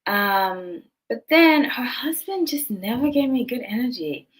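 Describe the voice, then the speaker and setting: This tarot channel host has a higher, animated voice and speaks a little slowly, captured on a rough recording. She tells the camera a personal story, drifting with asides and correcting herself as she goes. People around her notice her accent isn't local.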